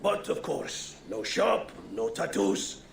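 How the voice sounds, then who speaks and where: Gravelly Viking tattooist. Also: male voice, medium pitch, sing-song, slow, a little hiss or hum, exaggerated voice. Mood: easygoing. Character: male Viking tattoo artist, friendly and gruff. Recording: roomy game audio with faint ambience.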